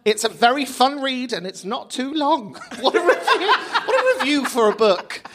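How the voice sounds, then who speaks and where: A woman's voice: high voice, sing-song, normal speed, heavy background noise. A woman hosting a live podcast, giggling through casual, incredulous banter. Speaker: podcast host. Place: small theatre, live audience.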